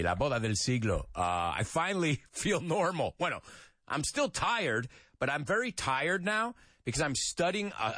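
A man teaches English in a chatty, animated way, laughing often. His medium voice swings widely in pitch. The sound is dry and close, with no room echo. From Andalusia, Spain. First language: Spanish. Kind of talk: casual online English lesson.

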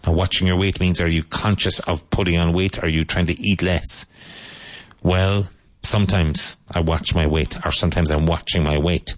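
A man hosting a live English lesson, repeating each question and answer slowly so learners can follow. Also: low voice, fairly even intonation, no room sound.

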